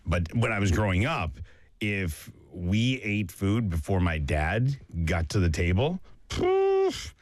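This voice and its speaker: A middle-aged man chatting casually as a podcast co-host, relaxed and rambling with plenty of fillers. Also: low-pitched, unhurried, no room sound, studio quality. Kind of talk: casual chat.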